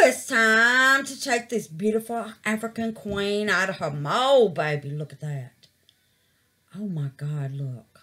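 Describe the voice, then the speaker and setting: Chatting through a resin project, a middle-aged woman calls her viewers babies and exclaims to the Lord in a casual craft vlog. She speaks slowly in a mid-range voice with a sharp tone.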